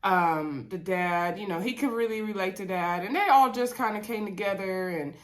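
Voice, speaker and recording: A reality TV recap vlogger talks at a normal speed in a mid-range voice, her head stuffy with a cold. She's laid-back and chatty, with a Southern-leaning casualness, fillers, and lots of "y'all."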